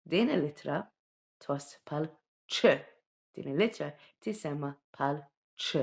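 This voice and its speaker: A woman with a low voice gives a slow alphabet lesson for young children. She sounds out each letter patiently, repeats it, and keeps asking "okay?" so the kids can follow along. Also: vocal fry, a little mellow. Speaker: teacher.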